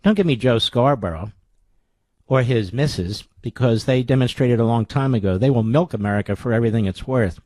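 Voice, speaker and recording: A man's voice: mid-range voice, brisk, darkish tone, no echo. Sarcastic, combative male radio talk host. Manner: sarcastic, combative, fires rhetorical questions.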